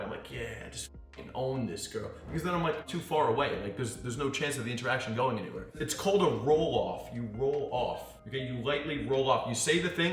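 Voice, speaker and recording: A man coaching on dating in a casual monologue, telling stories with swearing and acting out what people said. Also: mid-range voice. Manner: animated storyteller who swears and acts out quotes. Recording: echoey room with faint music.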